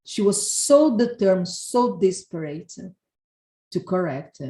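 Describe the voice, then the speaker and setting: A woman gives a devotional class talk, telling her story slowly. She laughs and often halts and restarts, and her voice rings in an echoey room. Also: mid-range voice, expressive, dark tone. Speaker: devotional speaker.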